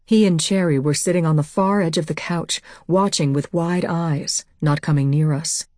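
Woman narrator, low voice, dry close mic, steady audiobook read. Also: moderate pace, no echo. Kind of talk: first-person audiobook narration.

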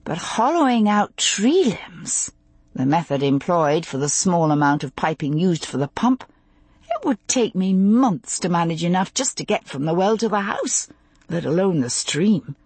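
A woman voicing a curious, practical young wife with a quick, animated way of talking. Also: lowish voice, breathy edge, dry recording, full character voice. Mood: frustrated.

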